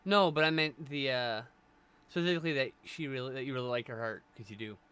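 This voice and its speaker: Bright-voiced joking male streamer. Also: mid-range voice, fast talker, clear, resonant tone. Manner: rambling, joking, relays chat messages. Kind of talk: casual chat.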